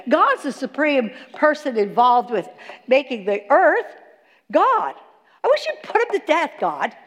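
A woman teaches a sermon in a big hall, her high voice climbing and dropping as she questions her listeners. She speaks slowly, and the words ring on in the long reverb of the room. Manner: animated, talks to the audience with questions. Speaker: Bible teacher.

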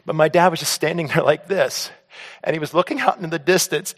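A man telling a personal story to an audience on stage in an animated way, acting out scenes and often stammering and repeating words. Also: fairly high pitch, fairly quick. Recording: long hall reverb.

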